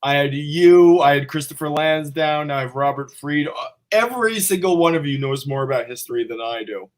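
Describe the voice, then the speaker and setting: A man's voice: on the high side, brisk. A man hosting a casual livestream, rambling with lots of fillers and restarts. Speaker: livestream host. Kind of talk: casual chat.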